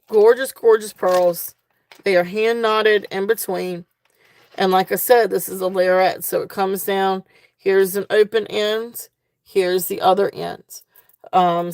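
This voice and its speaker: This woman's voice is medium-pitched and a little mellow, with no room sound. She's hosting a live jewelry sale in a casual way, gushing over each item and restarting often with lots of ums as she repeats her praise.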